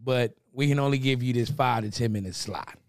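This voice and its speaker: A young man holds court on a podcast, rambling through stories in loose, easygoing banter. His voice sits at an ordinary middle pitch. It sounds close and dry, with no room around it. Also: brisk, no echo. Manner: loose storytelling, jumps into impressions. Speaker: podcast co-host. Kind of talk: casual banter.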